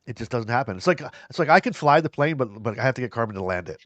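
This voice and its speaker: A man's voice: medium pitch, animated, racing, a bit bright, no echo, highs cut off. A man co-hosting a live show, chatting casually and reading viewer comments aloud. He rambles, repeats himself and laughs easily. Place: live stream.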